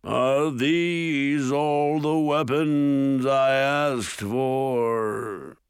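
A man voicing a menacing horned male ogre warlord, who speaks slowly, loudly and with scorn in an audiobook. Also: medium pitch, smooth, no echo, clean studio sound, voice pushed up. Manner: slow, commanding and scornful. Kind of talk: audiobook character voice.

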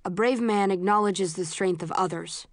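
A woman voicing a calm male fight instructor in an audiobook, firm and steady. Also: mid-range voice, moderate pace, no room sound, clean studio sound, close to an everyday voice.

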